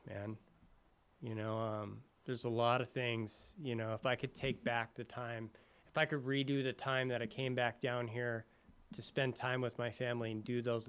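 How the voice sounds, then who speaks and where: A man telling his sobriety story in a halting way, full of fillers and restarts. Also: medium pitch, smooth. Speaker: recovery speaker sharing his story. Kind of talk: personal recovery talk.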